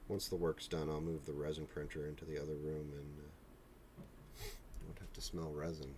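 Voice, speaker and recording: Very deep-voiced man chatting casually. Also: level tone, normal speed, background noise. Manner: rambling, joking, self-deprecating asides. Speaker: live stream host. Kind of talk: casual chat while painting miniatures. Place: home hobby room with a printer and air purifier.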